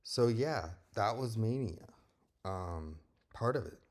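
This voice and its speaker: A man's voice: lowish voice, lively intonation, takes it slowly, darkish tone. A young man speaking candidly and bluntly in a personal monologue, swearing freely as he talks. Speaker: vlogger.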